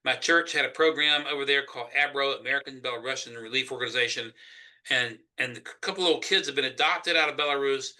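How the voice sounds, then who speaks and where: A fast-talking man with a medium-pitched voice and a Southern US accent speaks as a Senate candidate in a political interview. He argues emphatically and forcefully.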